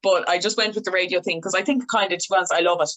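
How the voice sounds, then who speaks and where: Young woman with a low voice, chatty guest, telling stories quick. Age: young adult. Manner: lively storyteller, quick asides. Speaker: radio journalist, guest. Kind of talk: casual interview chat.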